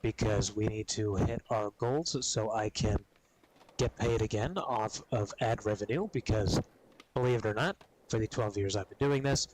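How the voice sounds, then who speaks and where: Gamer guy on stream, lowish voice, swears a ton, keeps coughing and clearing his throat. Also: normal speed, noisy background. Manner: profane, rambling, laid-back. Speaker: gaming streamer. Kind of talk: casual stream chat.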